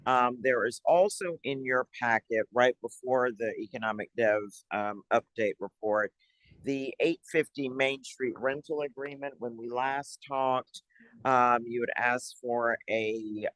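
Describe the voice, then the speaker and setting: Male staff presenter at a city board meeting, mid-pitched, chatty and upbeat, dry room. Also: unhurried, fairly bright tone, no echo, rough recording. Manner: chatty, upbeat, stops mid-sentence to find papers. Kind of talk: public board meeting update.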